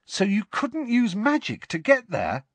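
A man's voice: on the high side, wildly swooping pitch, normal speed, dry recording, voice pushed up. A man voicing an awestruck teenage schoolboy, raising his voice in amazed questions.

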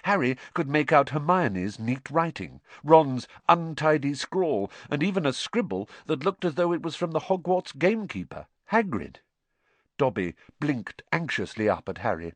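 Man, audiobook narrator, animated storytelling, very lively pitch, dry studio sound. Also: normal speed, no room sound.

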